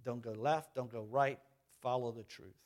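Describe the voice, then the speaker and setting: A man's voice: medium pitch, steady tone, moderate pace, a little mellow. A middle-aged man preaching a conversational sermon as pastor, repeating phrases and putting questions to the congregation.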